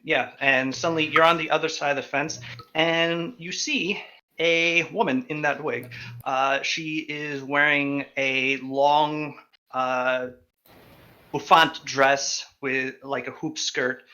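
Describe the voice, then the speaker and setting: A young man with a bright, clear voice runs a tabletop game as game master. He describes each scene slowly and leans on a lot of ums and uhs. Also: on the high side, fairly even intonation, lo-fi sound.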